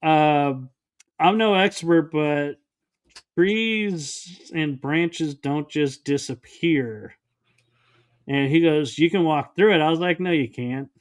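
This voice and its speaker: A man's voice: fairly high pitch, slow. A man, a podcast guest, recounting a personal experience in an interview and acting out the dialogue. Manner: storytelling that acts out quoted dialogue.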